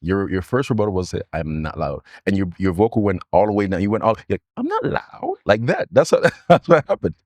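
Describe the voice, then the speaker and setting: A man's voice: fairly low pitch, lively intonation, quick pace, hardly any pauses, darkish tone, no echo. A man co-hosting a casual podcast, insistent and repetitive as he argues his point with his co-host. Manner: insistent, repeats himself, talks over his partner. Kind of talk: casual argumentative chat.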